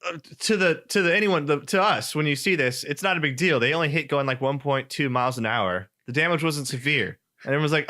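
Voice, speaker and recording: A man co-hosting a casual podcast chat, telling a story in an animated way and acting out quoted voices. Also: a little high, a little fast, hardly any pauses. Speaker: podcast co-host.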